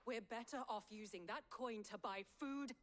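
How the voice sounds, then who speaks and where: A woman's voice: a little high, moderate pace, fairly bright tone, slight background noise, close to an everyday voice. An actress playing a worried, practical townswoman in a video game, speaking urgently and pleadingly. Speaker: game character.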